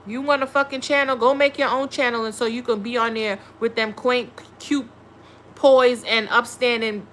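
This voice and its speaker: Brief: woman tarot streamer, bright tone, high voice, blunt and cursing, faint room hiss. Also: fairly even intonation, normal speed. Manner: blunt, profane, scolding. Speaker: tarot reader. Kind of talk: live tarot reading stream.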